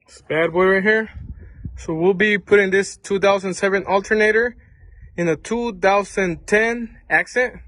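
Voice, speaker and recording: Man mechanic, fairly high voice, informal how-to vlog walk-through, plain spoken. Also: steady tone, unhurried, a bit bright, no room sound. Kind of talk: casual how-to repair vlog.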